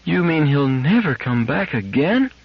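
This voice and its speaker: A man voicing a tearful little girl who pines for her lost robot, high and pleading. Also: very animated, measured pace, creaky, breathy edge, dry recording, full character voice. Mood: dismayed. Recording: dull lo-fi sound.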